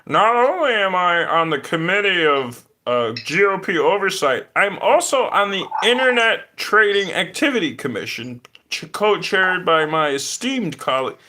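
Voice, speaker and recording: A man's voice: high-pitched, very animated, moderate pace, few pauses, sharp tone, voice pushed up, heavily acted. A man voicing a pompous, self-important male politician boasting about his committee posts.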